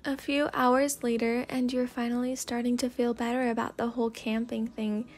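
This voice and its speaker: A woman's voice: fairly high pitch, flat delivery, normal speed. Sleepy woman in a whispered role-play. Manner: soft, sleepy second-person storytelling. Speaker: fanfic reader.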